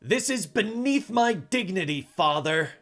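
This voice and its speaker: A man's voice: sits high, lively intonation, a little slow, fairly bright tone, soft background music, pitched above the performer's own voice, exaggerated voice. A man voicing a haughty, proud boy who grumbles.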